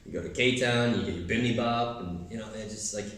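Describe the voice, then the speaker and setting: A man from Brooklyn talks in a loose, chatty way, often breaking into laughter. His voice sits a little low. The recording is very echoey, and he sounds somewhat far from the mic. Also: brisk, fairly bright tone. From New York, Brooklyn. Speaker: guest, English teacher. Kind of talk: casual podcast chat. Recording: echoey room, mic at a distance.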